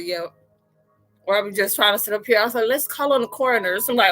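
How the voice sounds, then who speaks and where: A young adult woman hosting a casual live-stream chat, telling animated stories and laughing often. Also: mid-range voice, fast talker, faint music behind. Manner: laughs often, tells animated stories, talks loosely and playfully.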